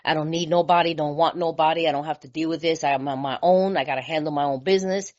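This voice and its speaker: A woman from California speaking at a recovery meeting, telling her story in a lively, colloquial way and laughing often. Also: low voice, fast talker. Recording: slightly muffled lo-fi recording.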